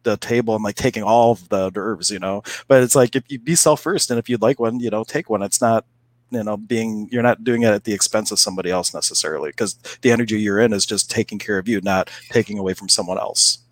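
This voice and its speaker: A man's voice: lowish voice, quick pace, no echo. A man in casual conversation, telling chatty stories and laughing as he goes. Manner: chatty storyteller, laughs while telling anecdotes. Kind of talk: casual chat.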